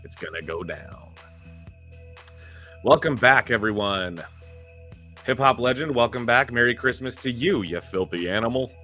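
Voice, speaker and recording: A man hosting a casual live stream, chatting with viewers and sounding a bit sick and hoarse. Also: mid-range voice, unhurried, long pauses, sharp tone. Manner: chatty, greets viewers by name. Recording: faint music in background.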